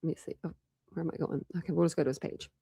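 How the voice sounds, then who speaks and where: Woman, true crime stream host, rambling casual chat, gravelly fry, dry close sound. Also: low voice, flat delivery, rapid-fire, warm tone, no room sound. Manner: chatty, many fillers and restarts.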